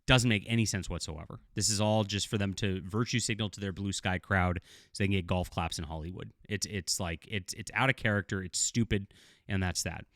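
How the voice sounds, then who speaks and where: A man's voice: sits low, steady tone, fairly quick, fairly bright tone, no room sound, clean studio sound. A middle-aged man giving casual video commentary as a TV show reviewer, blunt and critical, rambling with fillers.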